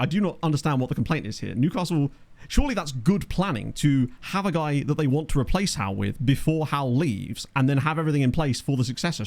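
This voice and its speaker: Speaking at a medium pitch with a slightly mellow tone, a let's play host talks casually through his gameplay, reading chat and mulling over viewer questions out loud. He records from his home office on a desktop USB condenser microphone.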